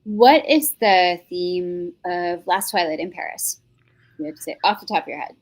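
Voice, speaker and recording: Female host, New York accent, lower voice, chatty and playful. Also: moderate pace. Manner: chatty, joking, expressive. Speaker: interviewer and show host. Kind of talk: casual conversational interview.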